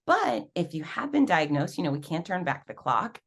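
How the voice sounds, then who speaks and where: A woman guest on an interview podcast telling her story in a lively, animated way, acting out quoted voices with big jumps in pitch. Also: normal speed, husky. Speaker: podcast guest, fitness professional and race announcer.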